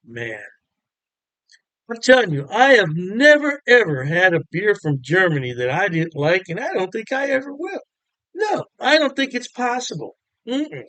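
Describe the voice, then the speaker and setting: A man's voice: sits high, sing-song, normal speed, pushed and bright, dry recording. A man giving a casual, chatty beer review to camera, upbeat and full of fillers.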